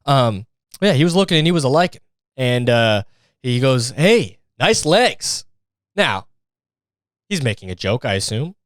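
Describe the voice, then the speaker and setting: Smooth-voiced man, rambling podcast monologue. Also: mid-range voice, expressive, moderate pace, long pauses, dry recording. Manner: rambling, profane, restarts and mimics others for laughs. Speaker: podcast host. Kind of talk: casual comedic monologue.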